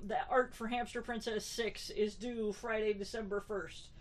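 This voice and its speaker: A woman's voice: medium pitch, steady tone, moderate pace. Wry chatty woman podcaster. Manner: chatty and wry, many fillers and restarts. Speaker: podcast co-host. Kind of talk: casual podcast chat.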